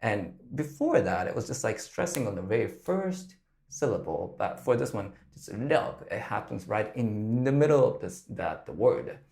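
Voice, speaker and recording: A man's voice: fairly low pitch, very animated, moderate pace, creaky, a little mellow. A man coaching singing, explaining a song's phrasing and now and then demonstrating lines. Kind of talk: vocal lesson breakdown.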